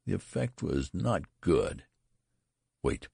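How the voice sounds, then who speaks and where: Deep-voiced male audiobook narrator, gravelly and expressive, dry close mic. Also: moderate pace, dry recording. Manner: acts out the dialogue.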